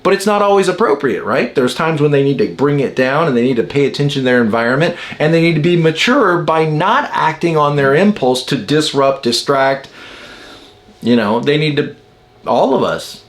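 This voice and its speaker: A man's voice: on the high side, animated, moderate pace. A man giving a casual spoken lesson on personality types, musing aloud and asking rhetorical questions as he explains. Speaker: personality-type teacher.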